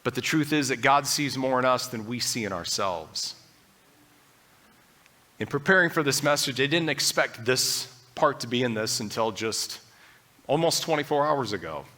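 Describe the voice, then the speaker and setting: Male pastor, mid pitch, bright and forceful tone; earnest, conversational sermon delivery that acts out everyday doubts. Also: lively intonation, moderate pace. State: briefly choked up.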